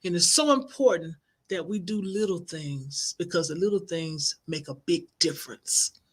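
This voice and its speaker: Animated woman telling an inspiring story. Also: lowish voice, normal speed, slightly rough. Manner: animated, expressive, acts out quoted voices. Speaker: life coach and minister.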